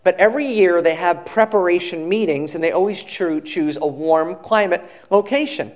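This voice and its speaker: A male pastor giving a sermon, telling a story in a relaxed conversational way and acting out the quoted people. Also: sits high, moderate pace.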